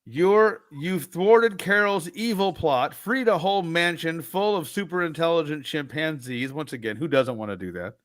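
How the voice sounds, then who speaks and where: Animated man co-hosting a podcast. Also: on the high side, normal speed, few pauses, no room sound, studio quality. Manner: animated, laughing banter. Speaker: podcast co-host. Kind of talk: casual chat with story reading.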